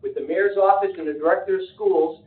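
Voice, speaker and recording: A man's voice: high-pitched, fairly even intonation, fairly quick. A man giving an earnest public comment at a county meeting, urging people to work together. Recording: distant, echoey, phone-like meeting audio.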